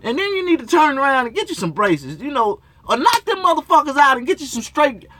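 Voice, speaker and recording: A man's voice: extremely high pitch, big pitch swings, brisk, bright, forceful tone. A man hosting his own late-night talk show, ranting in a profane, rambling way from his motorhome. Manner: profane, rambling rant with frequent cursing.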